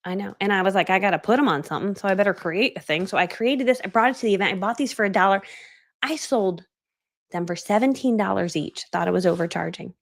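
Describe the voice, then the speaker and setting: A woman's voice: mid-range voice, quick pace, gravelly. A middle-aged woman coaching on a live stream, telling her story animatedly and acting out the voices of the people in it. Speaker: online business coach.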